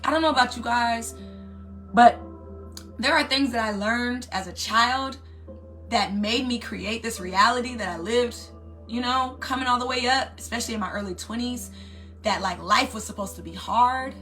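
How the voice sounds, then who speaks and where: Woman, 30s, life coach; bright, animated motivational talker. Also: on the high side, normal speed, faint music behind. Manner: animated, keeps asking "right?". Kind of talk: motivational talk.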